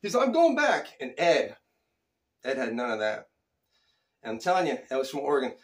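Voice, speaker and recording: A middle-aged man from Phoenix, Arizona casually tells a story from his childhood, chuckling and animated, with loose slang. His voice is mid-range and fairly quick.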